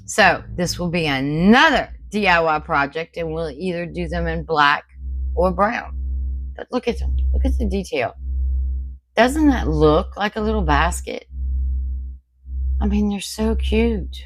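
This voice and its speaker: A woman's voice: fairly low pitch, lively intonation, measured pace, poor audio. A woman, unboxing home decor at home in a casual, folksy chat with her viewers. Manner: chatty, folksy, talks to viewers as y'all.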